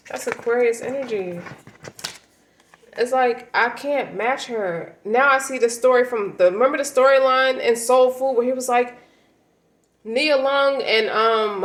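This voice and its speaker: A woman's voice: on the high side, echoey room, poor audio. Blunt, slangy woman reading tarot. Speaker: tarot reader.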